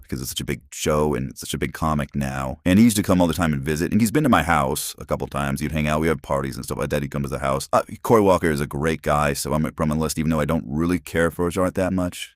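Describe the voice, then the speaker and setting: A man's voice: rumbling low, no echo, clean studio sound. A middle-aged man telling rambling, chatty stories and rants as a comics vlogger. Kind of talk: casual storytelling and ranting.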